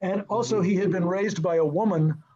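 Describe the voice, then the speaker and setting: Guesting in an interview, a film and TV director shares stories from a film set at a moderate pace. This older man's voice runs fairly high, and he's animated, laughing frequently and taking on the voices of those he quotes. The audio sounds slightly dull and lo-fi.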